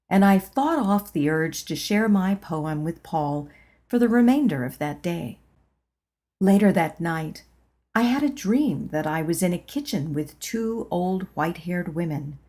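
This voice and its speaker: A woman narrating a spiritual memoir as an audiobook, in a calm, measured reading voice. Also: on the low side. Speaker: audiobook reader.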